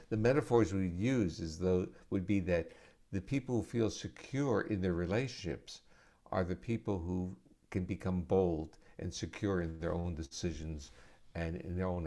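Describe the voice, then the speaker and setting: A man answering audience questions at a live arts center talk, speaking in a measured, explanatory lecturing way. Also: low voice, darkish tone. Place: arts center event space.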